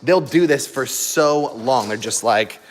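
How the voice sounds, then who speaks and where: A man's voice: medium pitch, measured pace, slight background noise. A man hosting a live stream, chatting casually with viewers and laughing often while he plays with and talks to his dogs. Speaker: YouTube live stream host.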